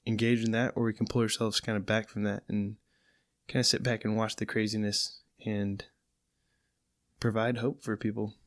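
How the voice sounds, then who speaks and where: A man's voice: lowish voice, flat delivery, normal speed, dry recording. A man from California, a podcast guest in a studio, talking earnestly and reflectively. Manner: earnest, reflective, speaks about faith. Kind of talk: casual podcast conversation.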